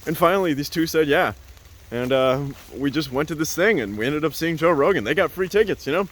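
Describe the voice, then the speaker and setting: A man's voice: a little high, animated, fairly quick. A man telling a casual, rambling story as a vlogger, full of "like" and "uh" and laughing often.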